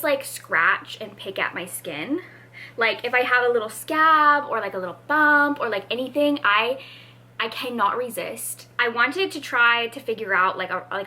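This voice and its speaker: A young woman vlogging casually about books, chatty and dramatic with lots of fillers. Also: on the high side. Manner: animated, dramatic, many fillers. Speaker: book vlogger. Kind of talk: casual vlog chat.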